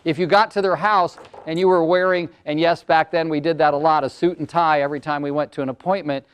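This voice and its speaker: A man in his sixties, a motivational speaker and coach, telling stories and acting out voices in a lively workshop talk to an audience. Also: a little high, fast talker, smooth. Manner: animated storyteller, acts out client voices.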